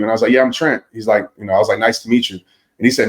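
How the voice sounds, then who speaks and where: A man's voice: mid-range voice, fairly even intonation, a little fast. A man who works as a motivational speaker, a podcast guest telling a personal story in an earnest, reflective way. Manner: earnest and reflective, with vivid retelling.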